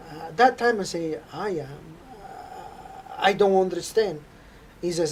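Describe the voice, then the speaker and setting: A man telling an earnest, halting faith testimony. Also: sits high, darkish tone, a little hiss or hum. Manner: halting, earnest storytelling with frequent hesitations. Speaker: interview guest.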